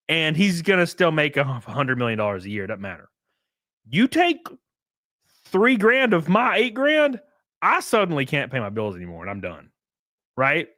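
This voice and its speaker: A man's voice: fairly high pitch, a bit bright, dry recording, clean studio sound. A young man casually chatting on a livestream, reading chat aloud with crude, rambling jokes.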